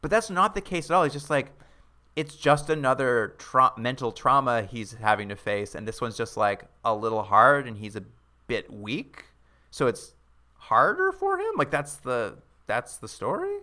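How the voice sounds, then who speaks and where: A man's voice: medium pitch, moderate pace. A man co-hosting a podcast, casually retelling a TV episode scene by scene and acting out the characters' lines. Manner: animated retelling with quoted lines and laughs. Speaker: podcast co-host.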